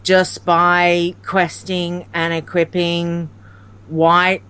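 A woman's voice: lowish voice, completely flat delivery, drawn-out words, fairly bright tone, clean tone. A woman guest on a gaming podcast, telling stories in a giggly, rambling way over a remote call. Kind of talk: casual chat about gaming.

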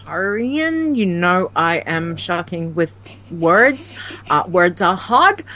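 A woman's voice: fairly low pitch, expressive, slow, pushed and bright. A woman guest on a gaming podcast, telling stories in a giggly, rambling way over a remote call. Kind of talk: casual chat about gaming.

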